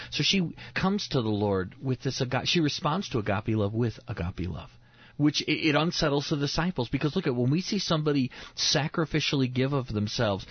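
A male pastor speaks earnestly and with emphasis, circling back to the same phrases to drive them home. His voice is husky, and the recording is dry and dull, like lo-fi broadcast audio. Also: mid-range voice, dry recording. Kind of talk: preaching in a radio interview.

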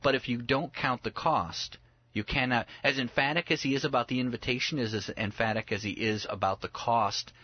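A man giving conversational Bible teaching, emphatic and animated, acting out little scenes with humor. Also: medium pitch, a little fast, lo-fi sound.

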